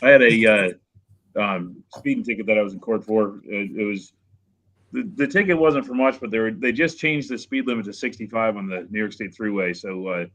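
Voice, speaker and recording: A man talks fast with a bright, forceful voice. He tells a story with animated energy and acts out the people in it. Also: on the low side, rough recording. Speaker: car show host. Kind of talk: casual storytelling chat.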